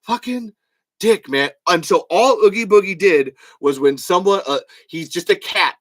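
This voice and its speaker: A man with a high, bright voice hosts a solo podcast, ranting fast and swearing freely. His delivery swings into loud bursts as he argues his point. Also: no echo. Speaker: podcast host. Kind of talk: solo podcast rant reading comments.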